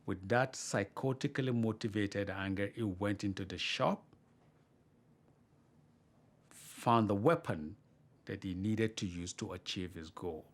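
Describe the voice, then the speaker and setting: Male expert, lowish voice, slow deliberate explanation. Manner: measured, explanatory. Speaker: mental health expert.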